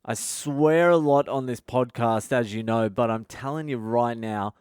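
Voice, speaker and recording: A male comedian hosting his podcast, telling a funny story in a casual, animated way and swearing constantly. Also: medium pitch, a little slow, clean tone, no room sound, studio quality. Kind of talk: casual comic storytelling monologue.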